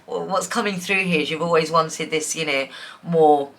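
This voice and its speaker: This tarot reader has a low, fairly bright voice and talks at a normal speed. She gives her viewers a chatty, excited pick-a-card reading, giggling frequently.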